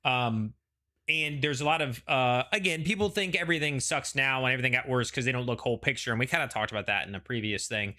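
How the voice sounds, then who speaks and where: A man chatting casually as host of a panel show. His voice is bright and forceful at an ordinary, mid-range pitch. He rambles, restarts his sentences and leans on "like" and "you know.". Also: quick pace.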